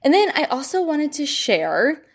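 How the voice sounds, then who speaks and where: A woman's voice: high-pitched, sing-song, measured pace. A woman nutrition coach hosting her own podcast, telling a personal story in a chatty, meandering way.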